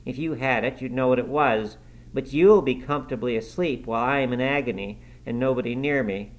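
A man's voice: medium pitch, fairly quick, pitched above the performer's own voice, lightly acted. A man voicing a sickly, spiteful boy who whines, taunts and whimpers in a raised voice. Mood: whimpering.

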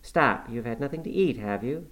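A man voicing a brisk, motherly middle-aged housekeeper who fusses over her guest. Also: mid-range voice, expressive, a bit bright, lightly acted, rough recording. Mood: bustling. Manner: brisk, fussing, hospitable. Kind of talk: audiobook character voice.

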